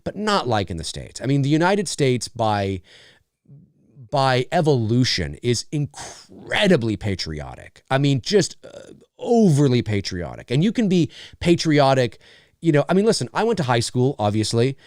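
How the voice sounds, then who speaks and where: Animated man hosting a live chat. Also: medium pitch, moderate pace, no room sound, studio quality. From Canada. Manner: animated, breaks into exaggerated mock voices; chatty with many fillers. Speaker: live show host answering questions. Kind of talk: casual live-stream chat.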